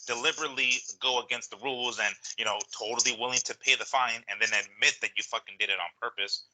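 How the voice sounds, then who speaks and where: A man co-hosting a casual boxing talk show, speaking bluntly with swearing and halting restarts. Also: mid-range voice, fairly even intonation, bright, forceful tone, poor audio. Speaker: podcast co-host. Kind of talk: casual chat.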